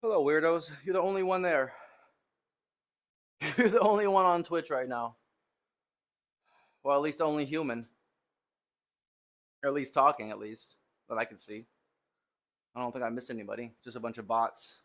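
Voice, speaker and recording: A man's voice: mid-range voice, moderate pace, pauses often, a bit bright. Guy streaming his lifts from a home gym, jokey teasing chat, sighs and laughs between sets. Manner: joking, teasing banter with a viewer, laughs and sighs. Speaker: fitness streamer. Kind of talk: casual live-stream chat.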